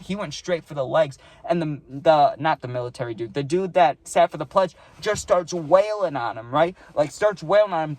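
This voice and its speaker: A young man telling a casual storytime, animated and full of filler words like "like" and "dude.". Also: fairly high pitch, dry recording.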